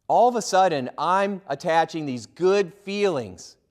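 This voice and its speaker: A middle-aged man giving a humorous motivational keynote, telling lively stories and acting out the voices of people in them. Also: sits high, measured pace. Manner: lively, acts out quoted voices. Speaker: motivational speaker.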